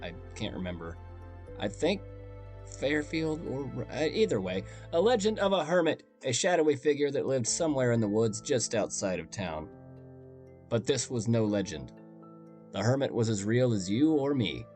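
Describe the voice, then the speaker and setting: A man's voice: mid-range voice, big pitch swings, normal speed, darkish tone, faint music behind. A man hosting a storytelling podcast, talking in a conversational, wry and self-deprecating way. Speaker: podcast host and narrator.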